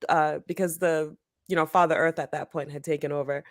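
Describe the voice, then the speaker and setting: A woman in her thirties co-hosting a book club podcast, chatting casually, laughing easily and pausing with ums as she thinks. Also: low-pitched, fairly even intonation, no room sound, clean studio sound. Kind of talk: casual chat.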